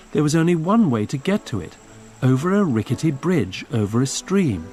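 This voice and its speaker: A man reading a fairy tale aloud as storybook narration, slow and expressive. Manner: slow and expressive, lively pitch.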